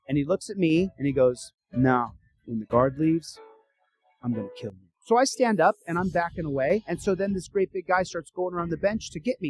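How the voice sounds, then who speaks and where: A man telling a story in a casual, animated way, acting out the dialogue. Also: sits high, dry recording, rough recording. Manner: animated, acts out dialogue with rising urgency.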